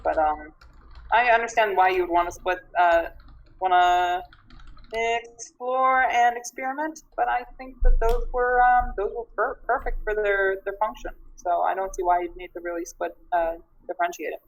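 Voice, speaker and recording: A woman's voice: medium pitch, steady tone, normal speed, highs cut off. A woman talks through her thoughts after a tabletop session, casual and searching for the right words. She is a player who also draws the group's characters, and she takes her time weighing each point. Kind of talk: casual feedback chat after a game session.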